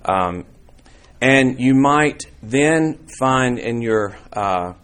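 A man's voice: mid-range voice, animated, extremely slow, fairly bright tone. A man teaching an informal church Bible class in a conversational, rambling way, with many restarts and fillers.

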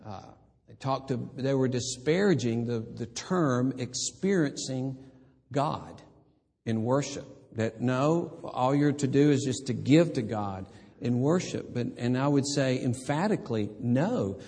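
An older man preaching a sermon, moving from hushed, tender reflection to emphatic, impassioned exhortation. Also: medium pitch, animated, measured pace, slightly rough, long reverb tail. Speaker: pastor.

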